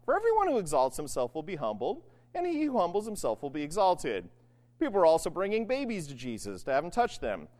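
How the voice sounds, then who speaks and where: A man preaching a sermon, his pitch leaping widely as he reads scripture and then muses aloud with casual asides. His voice rings with the long reverb of a large hall. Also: fast talker. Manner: conversational, animated, frequent asides like "right?" and "you know".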